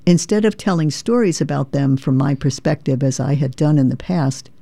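A woman's voice: low-pitched, mellow, dry recording. A woman from New York, a memoir author and performer, earnest and reflective, reading from her memoir and chatting as a guest. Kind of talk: reading memoir, then casual interview chat.

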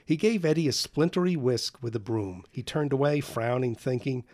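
A man's voice: medium pitch, expressive, moderate pace, a little mellow. Man reading a novel aloud, wry. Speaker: narrator.

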